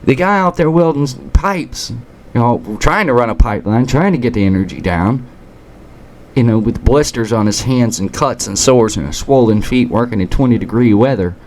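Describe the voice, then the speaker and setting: An American man with a medium-pitched, expressive, darkish voice speaks at a moderate pace over a little hiss or hum. Hosting a political commentary channel, he rants combatively and sarcastically, occasionally stumbling over words and restarting.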